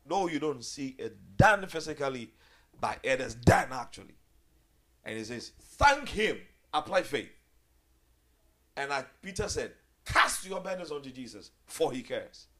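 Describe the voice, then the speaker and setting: A male preacher delivers a sermon in a lively, theatrical way. His voice leaps high and loud when he mimics people, then sinks low and quiet, and his pitch sits in an ordinary middle range. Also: unhurried, slight background noise. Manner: animated, acts out quoted voices with big jumps in pitch.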